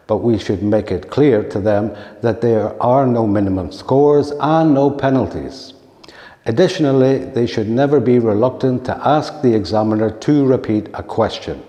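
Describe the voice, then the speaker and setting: A man addressing fellow teachers in a measured, clear, scripted teaching talk. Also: medium pitch, warm tone. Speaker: teacher trainer. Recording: echoey room with long reverb.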